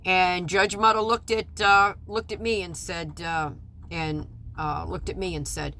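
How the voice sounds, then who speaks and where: A woman giving personal testimony about a custody hearing, halting and restarting often, rising to indignation and dropping to quiet apology. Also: lowish voice, fairly even intonation, slight background noise. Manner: halting, with many restarts and stammered repeats; swings between loud indignation and quiet apology. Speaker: mother recounting a custody case.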